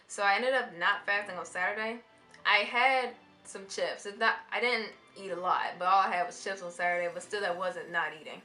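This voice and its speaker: A young woman chatting to her camera with a bright, forceful voice that carries. She tells her story in a lively way and acts out what she said. The room is echoey, and faint music plays behind her. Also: medium pitch, normal speed. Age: young adult. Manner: chatty, animated, acts out her own quotes. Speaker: vlogger. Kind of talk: casual vlog storytelling.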